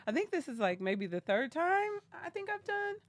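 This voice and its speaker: A woman guest co-hosting a comedy podcast, playful and quick to laugh. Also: high-pitched. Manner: playful, expressive, laughs a lot. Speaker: guest co-host. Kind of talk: casual comedic chat.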